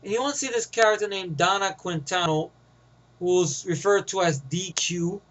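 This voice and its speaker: A man's voice: high-pitched, normal speed, fairly bright tone, rough recording. A man with a New York accent giving a rambling, profane, casual movie review, often getting sidetracked.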